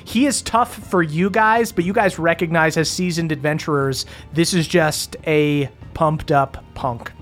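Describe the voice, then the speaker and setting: A man narrating a tabletop game as game master, relaxed, often laughing, with frequent ums. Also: a little high, unhurried, few pauses, soft background music.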